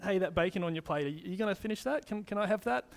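A man voicing a calm male prophet who talks about food as if nothing is wrong. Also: sits high, quick pace, creaky, in a large hall. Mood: unbothered. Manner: casual, nonchalant. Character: unfazed male prophet chewing breakfast.

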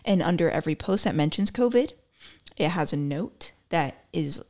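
A woman's voice: low voice, animated, moderate pace, a little mellow. A young woman hosting a podcast, chatting casually and telling stories with a sarcastic edge. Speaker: podcast host. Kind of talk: casual chat.

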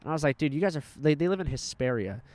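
A man's voice: on the high side, dry recording. A man in casual conversation, animatedly telling crude, rowdy stories about his family. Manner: fast, animated storytelling with heavy swearing. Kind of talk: casual chat.

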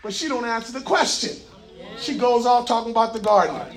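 A male pastor preaching a sermon in a fervent call-and-response style, often shouting and coaxing the congregation with folksy asides. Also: very high voice, brisk, rough recording. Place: church sanctuary with congregation.

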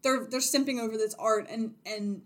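A woman's voice: a little high, fairly even intonation, normal speed. A young woman in casual chat, retelling book scenes with quoted lines and giggling.

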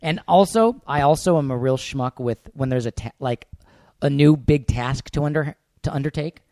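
A man's voice: medium pitch, moderate pace, dark tone, no room sound. Man, podcast co-host, whiny and self-mocking, dry mic. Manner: grumbling, self-deprecating, laughs it off. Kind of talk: casual chat with spouse.

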